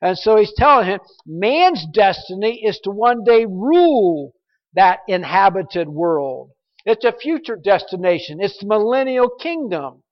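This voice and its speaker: A man's voice: high-pitched, big pitch swings, measured pace. Male pastor, expository sermon, emphatic, stumbles and repeats words, muffled sound. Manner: emphatic, repeats words when stressing a point. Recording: muffled recording in a reverberant hall.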